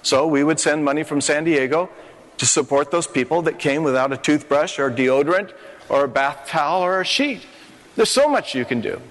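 A man's voice: on the high side, expressive, normal speed, fairly bright tone. Older man preaching in an echoey hall. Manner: impassioned preaching with rising emphatic phrases. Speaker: pastor. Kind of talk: sermon on a conference stage. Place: conference hall stage. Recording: long hall reverb.

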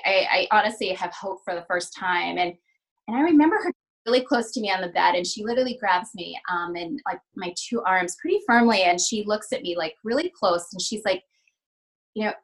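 Through a low-quality recording, a middle-aged woman with a mid-range, slightly bright voice recounts an emotional personal story in a podcast interview. A physical therapist who owns her practice, she speaks earnestly, acting out conversations amid plenty of fillers and restarts.

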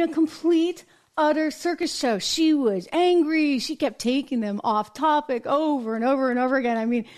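Woman commentator, slightly high voice, animated, opinionated, mock voices for quotes. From United States. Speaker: host.

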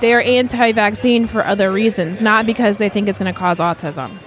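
A woman's voice: mid-range voice, fairly quick, soft background music. A woman co-hosting a podcast in casual chat, frank and matter-of-fact.

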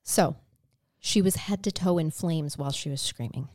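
Low-voiced earnest woman telling true crime. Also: moderate pace, a little mellow, no echo, studio quality. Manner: earnest, conversational, emotionally moved. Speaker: podcast co-host.

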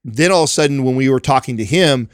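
A man's voice: mid-range voice, quick pace, smooth, no echo, studio quality. Rambling man in casual podcast chat. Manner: rambling, full of restarts and casual swearing. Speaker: podcast host.

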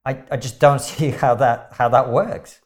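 Man speaking earnestly, halting. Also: mid-range voice, steady tone. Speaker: podcast guest. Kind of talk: casual chat.

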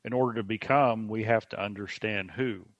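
Podcast guest guy, slow and thoughtful, dry kinda muffled audio. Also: lowish voice, no echo. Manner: slow, reflective, explanatory. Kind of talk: casual podcast conversation. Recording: dry, slightly dull sound.

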